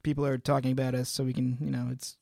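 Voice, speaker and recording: A man's voice: medium pitch, monotone, fast, creaky, warm tone, no room sound, clean studio sound. A young man co-hosting a casual podcast, easygoing and rambling, full of "you know". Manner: easygoing, rambling, lots of fillers. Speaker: band member and podcast co-host.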